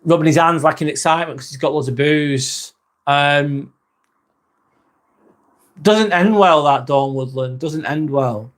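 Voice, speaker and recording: Unhurried and pausing often, a man in his forties with a slightly high voice hosts a relaxed livestream. He reads viewers' comments aloud, chats loosely, and curses from time to time.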